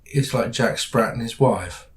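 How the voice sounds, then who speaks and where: A British man talks easily on a podcast, his humour dry and a little self-mocking. His voice sits at an ordinary middle pitch, and he often lets sentences fade away into mutters. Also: unhurried, low-quality recording. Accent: British English. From England. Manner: dry, self-deprecating, trails off quietly. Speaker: podcast co-host. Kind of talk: casual chat.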